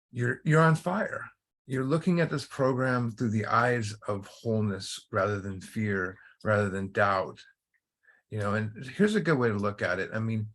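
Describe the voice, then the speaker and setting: A man's voice: fairly low pitch, fairly bright tone. A middle-aged man hosting a recovery study group, telling a story and teaching in a casual, conversational way, often repeating and restarting words.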